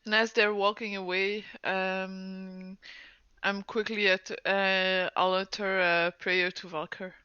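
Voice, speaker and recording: Flat-voiced woman player, hesitant. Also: medium pitch, slow, clean tone, no echo, muffled recording. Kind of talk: tabletop game play.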